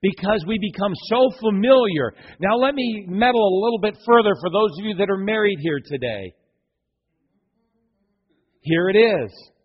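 A male pastor with a high, lively voice that swoops up and down, a little husky. He preaches a sermon and acts out the voices of people in his stories. The sound is dull and lo-fi, with a long church-hall reverb. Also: moderate pace. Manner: animated preacher acting out voices of townsfolk. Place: church sanctuary.

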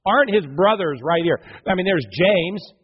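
A man's voice: high voice, moderate pace, breathy edge. A man preaching a sermon from the pulpit, acting out the voices of people in his stories. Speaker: pastor. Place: church sanctuary. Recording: dull lo-fi church hall reverb.

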